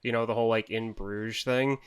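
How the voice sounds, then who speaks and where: A man's voice: mid-range voice, fairly even intonation, a little fast, smooth. A man co-hosting a podcast, rambling and restarting his sentences in casual chat. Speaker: podcast co-host.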